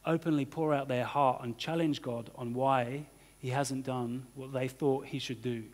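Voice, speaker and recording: A pastor delivers a sermon in a church hall, his mid-range voice steady in tone and measured in pace. He speaks loosely and conversationally, peppering his talk with "you know" and "kind of." The recording carries the hall's reverb.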